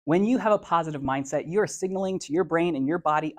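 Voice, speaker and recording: A man's voice: a little high, fast talker. A man and author giving a conversational, playful motivational talk to a live audience, laying out his points in numbered steps and using casual everyday phrasing.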